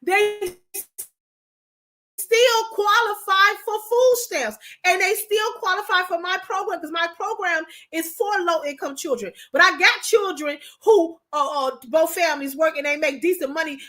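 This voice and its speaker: A woman's voice: extremely high pitch, unhurried, bright, forceful tone. A woman from Michigan, hosting a casual livestream, talking emphatically to viewers and repeating herself. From Michigan, USA. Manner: emotional, preachy. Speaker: livestream host.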